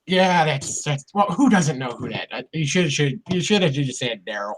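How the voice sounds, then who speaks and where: A man joining an interview over a video call, quick with jokes and comebacks. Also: fairly high pitch, expressive, slight background noise, low-quality recording. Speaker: guest. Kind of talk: casual chat on a video call.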